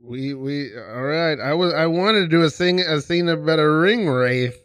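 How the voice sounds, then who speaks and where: A man's voice: on the high side, normal speed, clear, resonant tone, no room sound. A man hosting a comedy podcast in a radio studio, chatting and making puns. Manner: punning, joking. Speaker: podcast host. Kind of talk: casual podcast chat.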